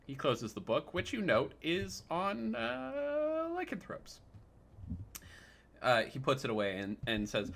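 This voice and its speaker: A man narrating as game master in a tabletop game, talking in a halting way with many fillers. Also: mid-range voice, sing-song, creaky, a bit bright.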